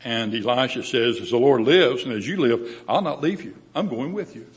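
A man's voice: mid-range voice, normal speed. Older man preaching in a hall. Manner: conversational Bible teaching with paraphrased quotes. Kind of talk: sermon.

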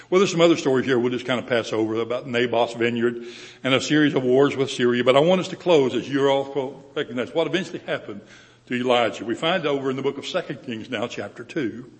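Older man preaching in a hall. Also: mid-range voice. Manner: conversational Bible teaching with paraphrased quotes. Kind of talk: sermon.

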